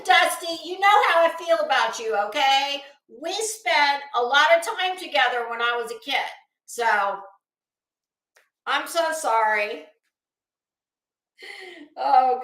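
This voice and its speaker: A woman's voice: sits high, a bit bright, roomy sound. A woman hosting a casual live stream, greeting viewers by name and swearing freely. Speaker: livestream host.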